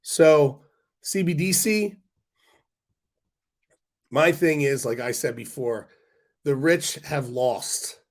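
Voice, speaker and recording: Hoarse, congested man ranting on a livestream. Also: fairly high pitch. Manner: blunt, ranting, quick asides to viewers. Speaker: stock market livestream host. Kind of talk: casual livestream talk to chat.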